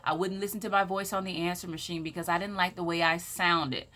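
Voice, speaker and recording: A woman's voice: on the low side, fairly even intonation, fairly quick, sharp tone, soft background music. A woman with a Southern American accent, speaking as an empowerment speaker in a preacherly, emphatic way. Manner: preacherly, scripture-quoting, emphatic. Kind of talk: inspirational faith talk.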